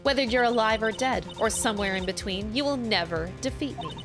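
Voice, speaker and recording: A woman voicing a calm, confident woman lawyer who is a spirit, speaking in a cool, firm and measured way in a video game. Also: a little high, close to an everyday voice. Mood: cold. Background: game music.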